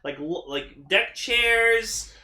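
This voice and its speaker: A young man co-hosting a podcast, recapping an episode in casual chat, excitable, swearing a lot and acting out the characters' lines. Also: sits high, very slow, roomy sound. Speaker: podcast co-host.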